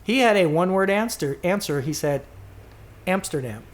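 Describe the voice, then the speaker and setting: A man's voice: sits high, expressive, moderate pace. Chatty man reading listener answers. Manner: rambling, self-correcting, reads quotes aloud. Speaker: podcast co-host.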